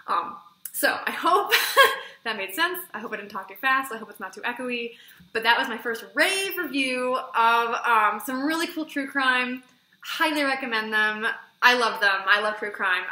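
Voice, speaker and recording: A woman chats through a book review for her vlog, excitable and peppering every sentence with "like". Her voice is bright and forceful and sits a little high. The recording rings with the echo of a room at home. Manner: chatty, fillers of "like", excitable retelling. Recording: echoey room.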